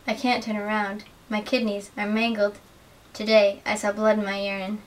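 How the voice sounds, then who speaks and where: A young adult woman giving an earnest, measured dramatic reading of literary excerpts as a student reader. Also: medium pitch, flat delivery. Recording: distant mic with faint hiss.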